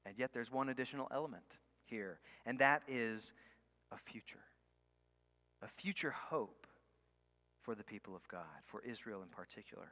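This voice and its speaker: A man preaching a sermon. He leans hard on key words, slows right down on them, and sometimes drops almost to a whisper. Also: medium pitch, lively intonation, pushed and bright. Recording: long hall reverb.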